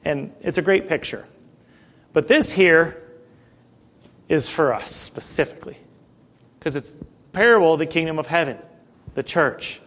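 A fairly high-voiced American man leading a relaxed Bible study. He reads scripture aloud, then drops into easy talk, checking in with his listeners and clearing his throat now and then. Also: unhurried, long pauses. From United States. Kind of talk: casual Bible study teaching and scripture reading.

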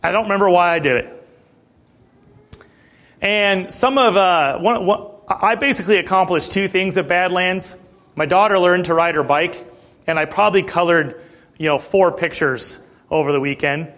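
A man's voice: sits high, moderate pace, fairly bright tone. A man in his late thirties preaching a sermon in an earnest, conversational way, with asides and rhetorical questions. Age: 30s.

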